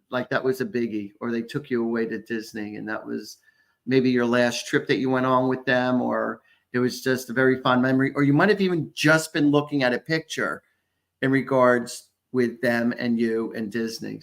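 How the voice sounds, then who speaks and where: A man's voice: medium pitch, steady tone, moderate pace, gravelly. A man hosting a psychic show, chatting casually and telling rambling stories with chuckles. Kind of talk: casual psychic readings chat.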